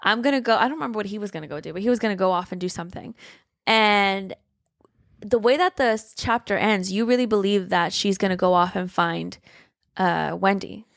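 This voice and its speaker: A woman's voice: a little fast, vocal fry, no echo, studio quality. A woman co-hosting a casual book podcast, recapping a thriller and acting out characters' lines in a raised voice. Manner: animated, acts out characters' lines with raised pitch. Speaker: podcast co-host. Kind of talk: casual book discussion chat.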